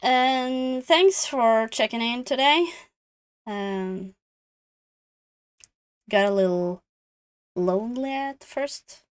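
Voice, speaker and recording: Slow-talking woman streamer. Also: on the high side, clean tone. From Norway. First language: Norwegian. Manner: chatty, amused, thinks aloud with fillers. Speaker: game streamer. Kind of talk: casual stream commentary.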